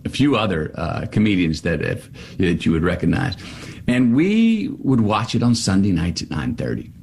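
A middle-aged man spinning an anecdote as a guest, his pitch leaping up and down as he acts out the characters. He talks in a lively storyteller's way, breaking into laughter between lines. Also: husky. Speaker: guest author. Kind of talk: animated storytelling.

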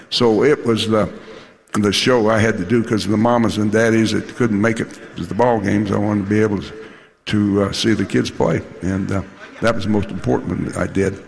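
An older man with a drawl tells folksy, salty anecdotes to an audience, stumbling and restarting as he goes. His voice sits low with a gravelly fry, and it rings out with a long hall reverb. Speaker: former football coach telling stories. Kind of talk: storytelling to a live audience.

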